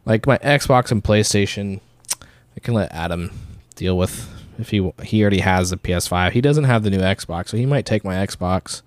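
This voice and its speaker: Podcast co-host, young man, low pitch, rambling casual delivery. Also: moderate pace, no room sound. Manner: rambling, filler-heavy, acts out quotes.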